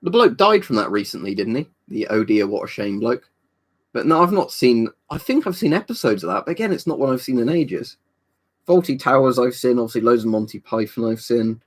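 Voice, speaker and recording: A man's voice: medium pitch, lively intonation, brisk. A young adult man from England chatting casually on a live stream, rambling, swearing freely and answering viewers' questions.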